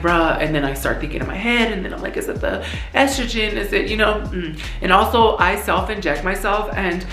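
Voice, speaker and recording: A woman's voice: lowish voice, a bit bright. Chatty young woman in an echoey room. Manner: chatty, slangy, candid. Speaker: vlogger. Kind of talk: casual update vlog, Q and A. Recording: echoey room with music playing.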